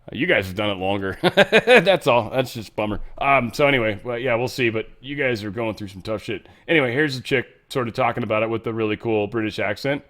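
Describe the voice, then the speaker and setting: A man's voice: mid-range voice, lively intonation, a little fast, few pauses, fairly bright tone. An American man hosting a show, giving rambling, irreverent news commentary and swearing freely. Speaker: show host.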